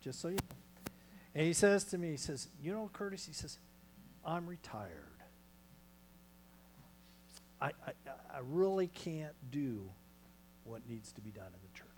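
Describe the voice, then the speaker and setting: A male pastor preaching a sermon in a small church, moving between loud calls and hushed near-whispers. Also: fairly high pitch, sing-song, unhurried, pauses often, slight background noise, poor audio.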